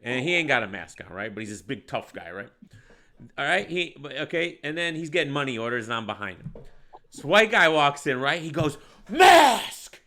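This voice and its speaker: A Michigan podcast host with a medium-pitched, fairly quick voice tells a story in casual conversation. He's an animated storyteller who acts out the voices of the people involved and laughs a lot.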